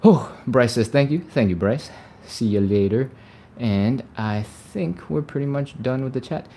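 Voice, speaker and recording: A man's voice: mid-range voice, a little slow, mellow, slight background noise. A man leading a live stretching workout, chatty and upbeat, sighing and laughing between cues. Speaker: stretching coach.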